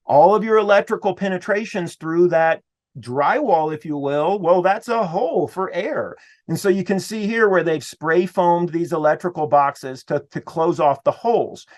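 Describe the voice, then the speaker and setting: A middle-aged man presenting a building-code webinar in a lively, conversational way that speaks straight to his listeners. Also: high-pitched, moderate pace. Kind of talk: webinar presentation over slides.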